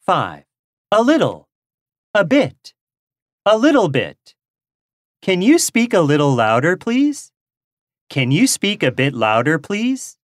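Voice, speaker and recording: A woman slowly and carefully reading English lesson phrases aloud. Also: low voice, no room sound, studio quality. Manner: slow, careful, expressive reading of drill phrases. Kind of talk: slow, clearly read language-lesson phrases.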